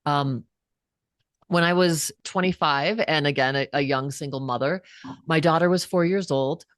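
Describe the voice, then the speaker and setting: A woman's voice: low-pitched, normal speed, dry recording, clean studio sound. A woman in her fifties, a psychotherapist and author, telling earnest personal stories as a guest in a casual interview. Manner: earnest, animated storyteller.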